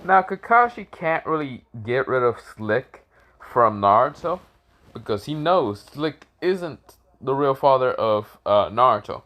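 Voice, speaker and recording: A man's voice: mid-range voice, lively intonation, a little slow, a bit bright. A man casually retelling a fan story, rambling with lots of fillers and cursing. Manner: rambling, with many fillers and profanity.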